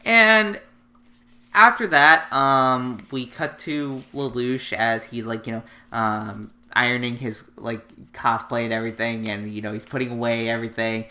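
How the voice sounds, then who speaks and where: A woman's voice: very deep voice, fairly even intonation, moderate pace, few pauses, sharp tone. A woman co-hosting a casual anime recap podcast, rambling with lots of fillers and casual swearing. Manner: rambling, filler-heavy and profane. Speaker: podcast co-host.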